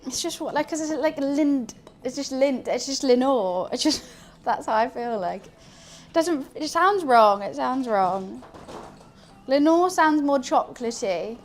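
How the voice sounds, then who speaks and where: A woman's voice: high-pitched, animated, unhurried, soft background music. A woman streaming as she cooks, chatting in a scattered, casual way and talking to her cat. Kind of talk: casual cooking stream chat.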